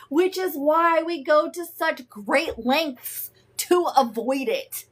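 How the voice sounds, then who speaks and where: A woman hosts a live coaching session, speaking frankly and emphatically with casual swearing. Her voice is on the high side, and she talks slowly and deliberately. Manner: frank, emphatic, profane, greets viewers warmly. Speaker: host and emotional wellness coach. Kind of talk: live-streamed teaching talk.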